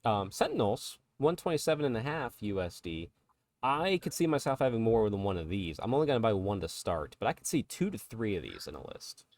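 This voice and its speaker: A man's voice: on the low side, sing-song, fairly quick, a little mellow, dry recording. A man co-hosting a podcast, talking casually and chattily about tabletop miniatures and laughing along with his co-host. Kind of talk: casual chat.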